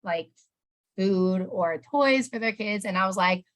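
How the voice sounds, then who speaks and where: A woman's voice: medium pitch, unhurried. Woman guest just talking, emotional, rambly, says like a lot, mid voice. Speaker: interview guest, sales promoter. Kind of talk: casual personal story.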